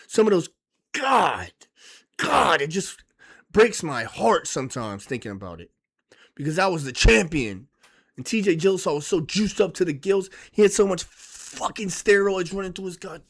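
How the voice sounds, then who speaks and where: A man giving casual, profane and excitable vlog commentary on fight picks, rambling as he goes. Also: on the high side, moderate pace. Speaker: MMA fight picks YouTuber.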